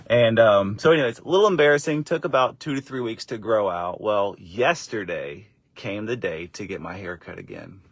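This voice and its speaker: A middle-aged man and father telling a casual story to camera, lively and encouraging, jumping up in pitch when he acts out what others said. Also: moderate pace, hardly any pauses, dry recording. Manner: animated, acts out quoted voices with high pitch jumps; encouraging, faith-based wrap-up. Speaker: father and faith vlogger.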